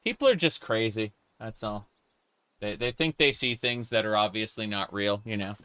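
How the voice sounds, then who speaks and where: With a lowish, pushed, bright yet smooth voice and lively intonation, this streamer talks at a measured pace broken by long pauses. He plays, reads the chat out loud, and jokes in character, all in a recording with no room sound.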